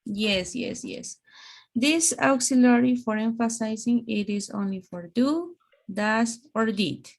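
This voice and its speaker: Female English teacher, slow gravelly delivery, online class. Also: a little high. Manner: slow, explaining with examples. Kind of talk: online grammar lesson.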